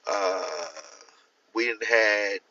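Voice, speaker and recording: This man's voice is fairly low, pushed and bright, with fairly even intonation and drawn-out words. He hosts a casual, animated livestream, laughing and acting out quoted voices, recorded from a distance on a phone with dull lo-fi sound.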